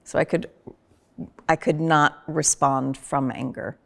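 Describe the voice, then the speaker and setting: A woman chatting on a podcast, telling personal stories in an animated way with sudden loud vocal bursts. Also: low-pitched, takes it slowly, creaky. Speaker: podcast guest, host's wife. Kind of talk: casual personal conversation.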